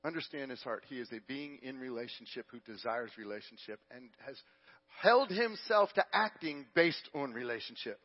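High-voiced preacher man telling a story. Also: dull audio. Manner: storytelling preacher, swings from loud to hushed. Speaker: pastor. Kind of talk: sermon.

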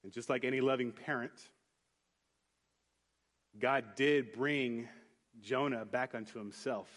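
Speaking slowly at a medium pitch, a pastor shares a personal story during his sermon. His tone is earnest and conversational, full of restarts, and it builds into a lively retelling where he performs the characters' voices.

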